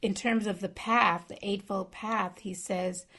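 Softly reflective woman giving a dharma talk. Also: mid-range voice, fairly even intonation, unhurried, vocal fry, breathy edge. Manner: casual and reflective, with hesitant restarts. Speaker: meditation teacher. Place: meditation retreat center.

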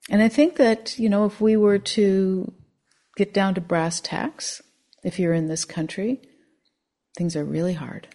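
Woman meditation teacher, lowish voice, soft and slow, contemplative dharma talk. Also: steady tone. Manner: soft, slow and contemplative, at times near a whisper.

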